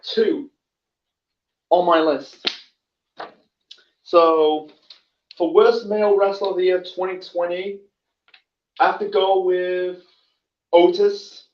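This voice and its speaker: A man talks casually on his own wrestling show, halting often and restarting his sentences. His voice sits high for a man. It comes from a bit back in an echoey room, on dull, lo-fi audio. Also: far from the mic. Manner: halting, many fillers and restarts. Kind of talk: casual solo commentary.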